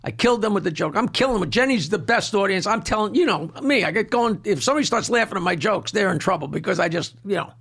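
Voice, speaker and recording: An older man from Long Island tells a wild story in a boisterous, rolling way and keeps breaking into laughter at his own jokes. His voice sits high for a man and has a gravelly edge. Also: lively intonation, fast, hardly any pauses, a bit bright. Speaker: comedian guest telling a story. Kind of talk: casual storytelling.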